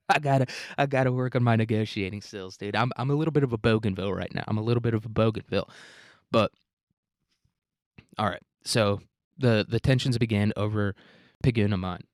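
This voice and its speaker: A man with a low voice talks through history in a loose, irreverent way. He swears freely and slips into quick voices for the people he describes. The sound is close and dry. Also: a little mellow, no echo. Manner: irreverent and profane, acting out quoted characters. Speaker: podcast host. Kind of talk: casual history commentary.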